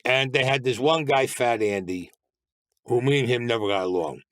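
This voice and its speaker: A man tells his past in a blunt, streetwise way, laying out events plainly in present tense. His pitch sits in the middle for a man, and the sound is dry and close to the mic. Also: normal speed, fairly bright tone, dry recording. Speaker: guest. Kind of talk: storytelling interview.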